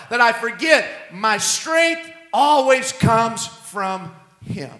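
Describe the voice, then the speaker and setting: Animated male pastor preaching in an echoey hall. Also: very high voice, slow pace. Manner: animated, emphatic, swings loud and soft. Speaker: senior pastor. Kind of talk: sermon.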